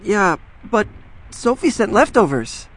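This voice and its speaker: Casual: guy doing a nervous hacker kid, voice jumps all over, kinda fast and jittery. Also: high-pitched, big pitch swings, a bit bright, a little hiss or hum, exaggerated voice. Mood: sheepish. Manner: jittery, talks fast when pressed. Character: nervous young male hacker, anxious and quick. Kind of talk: audio drama acting.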